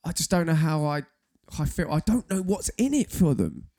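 A man's voice: on the high side, animated, moderate pace, dark tone. A man co-hosting a casual podcast chat, joking and self-deprecating. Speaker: podcast co-host.

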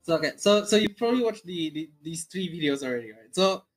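A mid-pitched speaker chats casually in a hesitant way, with many restarts and fillers. Faint music sits underneath the voice. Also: animated, fast, low-quality recording. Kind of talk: casual chat.

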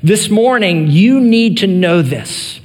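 A male pastor preaching an earnest sermon, rising in emphasis and then dropping to soft, quiet phrases. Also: high voice, lively intonation, slow pace, in a large hall.

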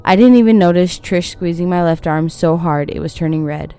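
A woman reads a scripted horror story in a steady, even storytelling voice. Her pitch sits on the low side for a woman. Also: brisk, clear, resonant tone.

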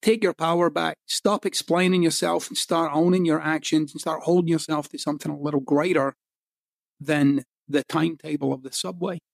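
A man's voice: on the high side, steady tone, moderate pace, creaky, no echo, studio quality. A middle-aged Scottish man, a guest author in a podcast interview, speaking bluntly and emphatically. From Scotland. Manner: blunt, emphatic, swears for punch.

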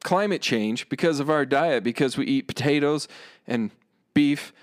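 A man's voice: fairly high pitch, normal speed, no room sound, clean studio sound. A man hosting a podcast in casual banter, rambling and asking himself questions as he talks. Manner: rambling, questioning, self-interrupting. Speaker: podcast host.

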